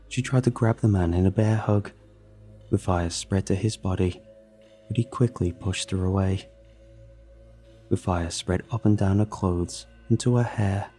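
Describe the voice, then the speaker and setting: A man reading a horror story aloud in a measured, grim way. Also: on the low side, mellow, breathy edge. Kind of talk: scripted horror narration. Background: faint music.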